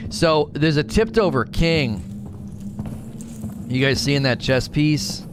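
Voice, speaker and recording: A man's voice: on the high side, animated, slow, over music. A man hosting a gaming channel, commenting live as he plays, joking and poking fun at himself. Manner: joking and self-mocking, playful asides to viewers. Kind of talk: live let's play commentary.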